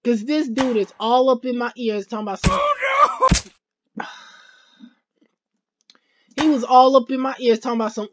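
A woman hosting a gaming video, commentating a let's play with excited yelps, shouts and slangy chatter. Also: fairly high pitch, dull audio, a little hiss or hum. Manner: slangy, repeats phrases rapidly.

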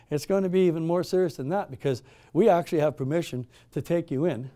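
A man's voice: fairly high pitch, brisk, mellow, close to an everyday voice. A man voicing a stern male soldier giving a blunt, threatening ultimatum in a retold story.

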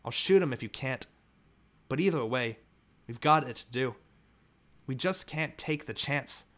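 Male reader doing a quiet, firm, grieving frontier mom, audiobook. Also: medium pitch, unhurried. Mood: sobbing. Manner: quiet, steady, sorrowful. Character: grieving frontier mother, firm but gentle.

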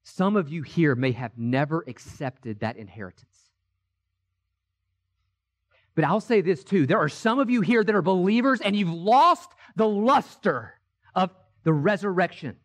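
A man pastor preaching an Easter sermon in a church, swinging from hushed, slow lines to shouted ones. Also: high voice, expressive. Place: church sanctuary.

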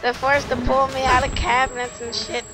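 A woman gamer commentating her play, swearing, shouting in frustration and laughing. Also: sits high, little pitch movement, moderate pace, over music. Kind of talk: gameplay commentary.

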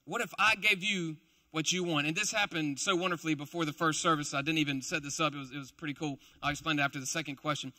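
Bright, high-voiced, joking young preacher. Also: male voice, steady tone, quick pace. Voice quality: chatty, playful, self-deprecating asides. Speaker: preacher, also a school teacher. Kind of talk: casual, joking sermon to a live congregation.

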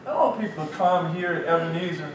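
A man, a pastor, leading a Bible study and teaching in an animated, lively way with acted-out asides. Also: on the high side, fast talker. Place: church sanctuary. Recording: echoey room, distant mic, faint hiss.

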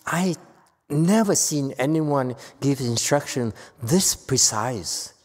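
A woman giving a Buddhist Dharma lecture to a live audience. She is emphatic and playful, swinging from quiet asides to loud outbursts. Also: a bass voice, animated, takes it slowly, husky. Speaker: Buddhist teacher. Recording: echoey hall with long reverb.

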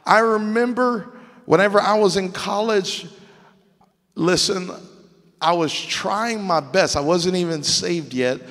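A man's voice: sits high, takes it slowly, fairly bright tone. A man from Louisiana preaching a sermon as pastor, speaking with proper, polished diction and repeating words as he works through his points. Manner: earnest preaching with frequent word repeats. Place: church sanctuary. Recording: long hall reverb.

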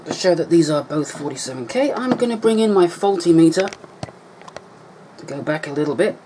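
A man's voice: fairly high pitch, animated, brisk, background noise. A man explaining an electronics repair at his workbench in a casual tutorial, thinking aloud and correcting himself as he goes. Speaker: electronics hobbyist.

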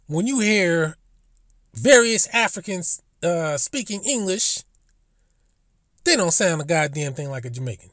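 A man's voice: high voice, animated, moderate pace, a bit bright, no room sound, clean studio sound. A man giving a casual commentary monologue as a vlogger, profane and emphatic, with indignant rhetorical questions.

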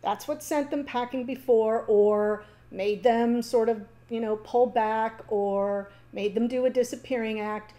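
Woman, tarot reader, casual reading, chatty, reassuring, mellow tone. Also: on the high side, steady tone, measured pace, few pauses. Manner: chatty, reassuring, fillers and laughs.

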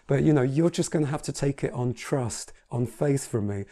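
A man's voice: medium pitch, moderate pace, mellow. A man teaching piano in a casual tutorial, chatty and reassuring as he demonstrates at the keyboard. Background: piano playing.

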